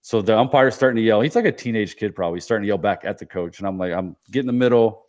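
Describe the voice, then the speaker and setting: Podcast co-host, man, lively storyteller who plays out the argument in voices. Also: fairly low pitch, very fast. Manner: animated storyteller, acts out arguments. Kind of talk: casual chat.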